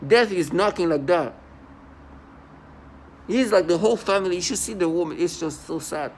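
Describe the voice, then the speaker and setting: A man's voice: high voice, normal speed, slight background noise. A man in an angry personal monologue to camera at home, defiant and scornful, often repeating and restarting his words. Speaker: vlogger. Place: at home indoors.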